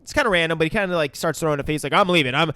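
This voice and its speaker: A man's voice: a little high, very fast, a bit bright, smooth. A young man co-hosting a podcast, walking through a movie's plot beat by beat with swearing and quoted lines. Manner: narrates plot beats, swears, laughs, quotes characters. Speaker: podcast co-host. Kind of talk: casual movie recap chat.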